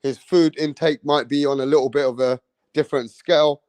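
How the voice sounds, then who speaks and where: A man's voice: a little high, steady tone, brisk, a little mellow, no echo. A young man hosting a live boxing stream, calling out viewers by name in casual street slang. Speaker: boxing livestream host.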